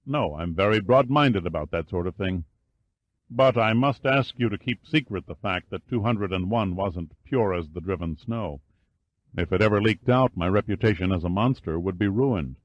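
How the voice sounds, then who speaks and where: A male narrator voicing a confident, forward man who speaks gently with dry, teasing humor. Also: lively intonation, normal speed, dry recording, highs cut off. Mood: wry. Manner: gentle, teasing, low-key.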